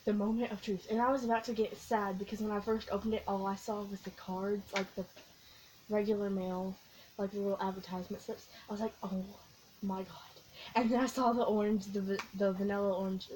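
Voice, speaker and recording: A young woman vlogging, telling a long, excitable story in a casual, rambling way with lots of giggles. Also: mid-range voice, fairly quick, low-quality recording. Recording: faint background noise.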